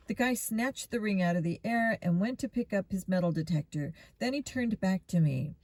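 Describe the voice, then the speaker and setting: A woman reading a children's mystery book aloud in a steady storytelling manner. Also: fairly low pitch, normal speed, no echo. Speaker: reader.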